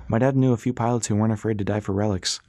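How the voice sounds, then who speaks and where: A wry young airship mechanic, as a male narrator plays him, low-voiced and grumbling with dry humor. The recording is close and dry, with no room sound. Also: fairly even intonation, rapid-fire, a little mellow, no echo, lightly acted.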